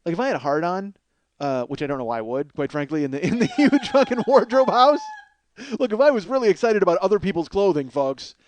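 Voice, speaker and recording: A man telling a comic story as a podcast host, in a profane, excitable way and laughing through the story. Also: sits high, fast talker, slight background noise.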